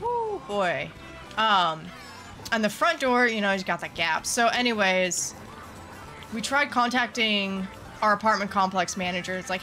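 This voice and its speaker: A woman's voice: medium pitch, lively intonation, measured pace, bright, forceful tone, soft background music. A woman streaming from home, chatting casually while gaming, ranting heatedly and swearing a lot.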